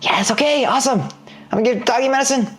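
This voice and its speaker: A man's voice: extremely high pitch, fast talker, fairly bright tone, pitched above the performer's own voice. A man voicing a naive little boy who talks in a whiny, childish way.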